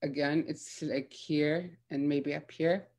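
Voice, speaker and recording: A young woman teaching throat singing in a gentle, hesitant way, with many fillers. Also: low-pitched, fairly even intonation, slow. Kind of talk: casual spoken lesson with demonstrations.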